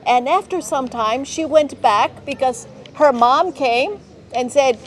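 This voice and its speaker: Slow, clear woman teacher. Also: sits high, a little hiss or hum. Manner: slow, clear, often checking with children. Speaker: teacher, director of studies. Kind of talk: storytelling to young learners.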